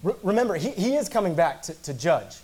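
A man's voice: high-pitched, sing-song, a little fast, a little mellow, husky. A male pastor preaching an earnest sermon, emphatic, repeating words and slipping in casual asides.

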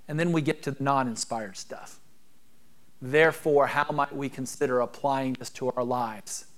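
A pastor preaching a sermon, who reads scripture quietly and slowly, then preaches with rising emphasis. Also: male voice, medium pitch. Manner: swings from hushed scripture reading to emphatic preaching.

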